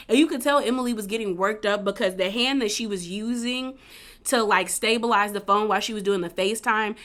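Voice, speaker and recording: A woman's voice: mid-range voice, brisk, fairly bright tone. A woman giving a casual, chatty video recap of a reality show, full of fillers and acting out what people said. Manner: chatty, many fillers, acts out quotes.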